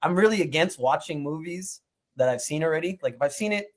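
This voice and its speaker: A man's voice: on the high side, animated, fairly quick. A man telling loose, profane stories in casual chat, acting out what others said. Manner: loose storytelling, acts out quotes, swears freely.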